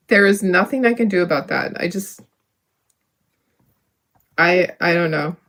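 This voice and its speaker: A woman's voice: lowish voice, fairly bright tone. A woman hosting a live crafting demo, talking herself through each step, upbeat and self-deprecating, laughing often. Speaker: craft livestream host.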